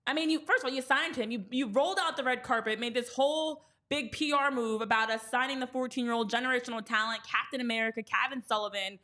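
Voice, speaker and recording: A woman's voice: fairly high pitch, fast talker, few pauses, pushed and bright. A woman co-hosting a casual sports podcast, talking emphatically with exasperated rhetorical questions. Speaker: podcast co-host.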